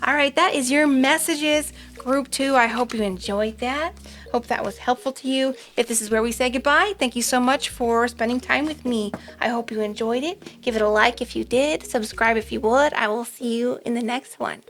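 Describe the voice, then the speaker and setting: A woman's voice: fairly high pitch, moderate pace, fairly bright tone. A woman doing a casual pick-a-card tarot reading, chatty and rambling, with frequent ums. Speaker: tarot reader.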